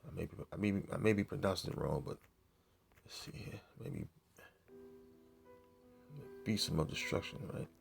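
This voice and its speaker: A man with a low, creaky voice teaches informally from the Bible in a casual, halting way packed with fillers. He reads verses aloud more loudly and mutters to himself while searching, with soft background music playing.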